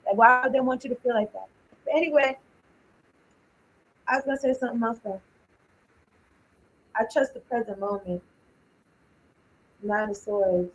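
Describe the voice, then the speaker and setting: A tarot card reader gives a casual reading, thinking aloud in a blunt, informal way full of slang and swearing, often trailing off. Her voice is a little high and a bit bright with a breathy edge, and the audio is poor.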